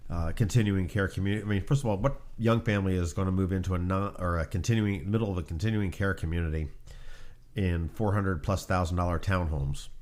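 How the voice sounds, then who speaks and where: A man hosting a podcast, chatting casually and telling stories in an animated way. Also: low-pitched, fast. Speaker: podcast host. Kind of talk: casual chat, storytelling.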